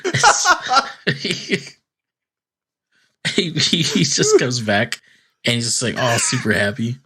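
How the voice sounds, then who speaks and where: A man's voice: mid-range voice, wildly swooping pitch, slow, bright, forceful tone, breathy edge. A man co-hosting a podcast, casually recapping a cartoon episode in a rambling way full of "like" fillers. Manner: rambling storytelling, many "like" fillers, acting out quotes. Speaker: podcast co-host.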